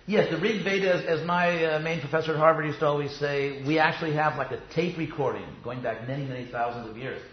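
A man gives a relaxed, wandering lecture on yoga philosophy, trailing off into asides and restarting his sentences. His voice sits in a middle pitch. The recording is roomy and a little muffled, as if taken in a classroom. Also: fast talker, hardly any pauses. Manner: chatty, digressive, many fillers and restarts. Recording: roomy, dull sound.

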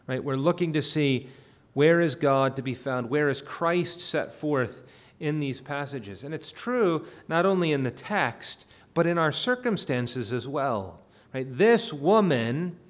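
A man preaching a sermon in an earnest way, often restarting his phrases. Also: medium pitch. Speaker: pastor.

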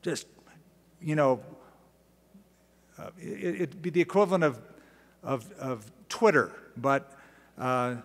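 A male pastor teaching a sermon, moving between lively storytelling, casual asides and dramatic readings of scripture. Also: mid-range voice, takes it slowly, pauses often. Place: large church sanctuary. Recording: long church-hall reverb.

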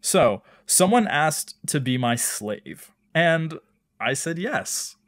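Young guy on a podcast, kinda higher voice, cracking jokes and reading letters out, swears a lot. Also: big pitch swings, slow, a bit bright. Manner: jokey, reads listener letters, profane. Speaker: podcast co-host. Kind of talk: casual comedic advice podcast.

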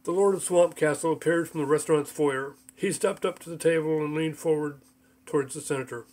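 A man narrates his own comic book as an audiobook, in a light, playful storytelling manner. His voice sits fairly high for a man. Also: little pitch movement, brisk.

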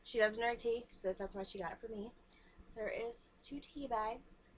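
A young woman with a fairly high voice chats casually as she holds up free samples one by one. She talks frankly about what she likes and what she doesn't. A faint background hiss sits under her voice. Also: moderate pace. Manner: chatty, frank, shows items to camera. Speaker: vlogger. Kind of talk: casual chat.

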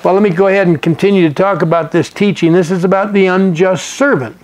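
Folksy high-voiced preacher man. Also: steady tone, fast. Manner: folksy, conversational, with frequent restarts and chuckles. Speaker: pastor. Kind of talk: sermon teaching.

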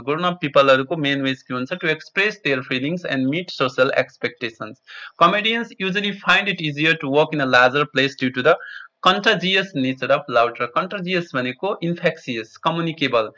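A man with a Nepali accent teaching a textbook lesson, explaining terms and repeating words slowly for students. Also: a little high, pushed and bright, poor audio.

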